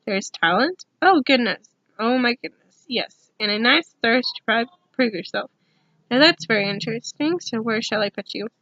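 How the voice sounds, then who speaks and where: A woman's voice: on the high side, expressive, normal speed, bright, forceful tone, no echo, dull audio. A woman voicing a shrewd, musing old talking magic hat in an ASMR storybook reading, weighing each word.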